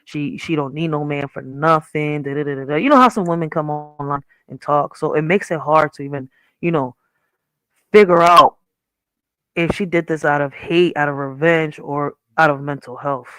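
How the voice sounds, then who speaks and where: A woman's voice: low voice, steady tone, moderate pace, a bit bright, smooth, no room sound. A woman in her thirties hosting a podcast, talking candidly and profanely in a rambling casual way, often checking if listeners follow. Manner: candid, rambling, profane, asks 'you see where I'm coming from'. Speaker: podcast host. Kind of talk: casual commentary.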